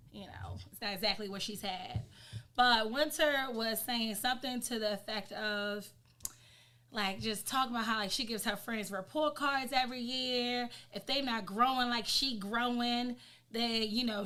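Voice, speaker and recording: A woman on a casual podcast, talking in emphatic, profane, quick bursts. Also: a little high, bright, forceful tone. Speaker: podcast co-host.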